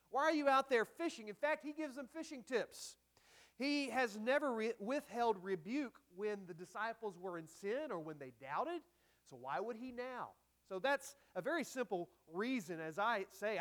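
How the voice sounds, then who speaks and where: A man with a notably high voice delivers a sermon from the pulpit. He talks in an easygoing, conversational way, dropping in asides. He punches up quoted lines with emphasis. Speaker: pastor.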